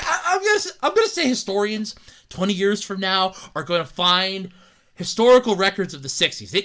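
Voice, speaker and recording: A woman hosting a podcast, delivering an excitable, swearing, comedic rant with frequent laughs. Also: high voice. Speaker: podcast host. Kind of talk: ranting comedic podcast monologue.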